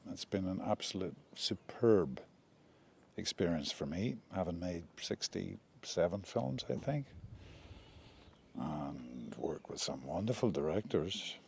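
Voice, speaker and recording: Older man, low voice, animated intonation, jokey, self-deprecating, interview chat. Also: slow, vocal fry, a little hiss or hum. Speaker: lead actor interviewed.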